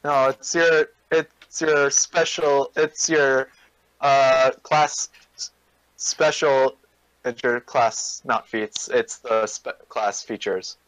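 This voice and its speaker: Man, tabletop player, slow and halting, dry close sound. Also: mid-range voice, fairly even intonation, a bit bright, no room sound, rough recording. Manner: halting, many restarts, rules-focused. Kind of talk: casual tabletop game chat.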